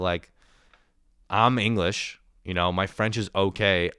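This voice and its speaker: Young guy, low smooth voice, profane rambling storyteller, close dry mic. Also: no echo. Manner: profane, rambling, animated retelling. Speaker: vlogger. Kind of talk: casual storytelling monologue.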